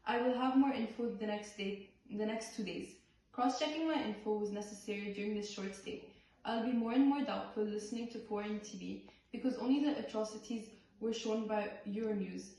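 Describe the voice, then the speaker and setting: A woman performing a play by reading the script aloud in a halting way, with restarts on some words. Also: mid-range voice, a little mellow. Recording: far-off voice in a very echoey room.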